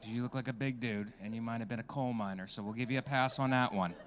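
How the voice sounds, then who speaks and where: A man's voice: mid-range voice, fairly even intonation, quick pace. Brash, crowd-working man doing stand-up. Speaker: stand-up comedian. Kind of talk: stand-up comedy set. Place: comedy club stage with live audience.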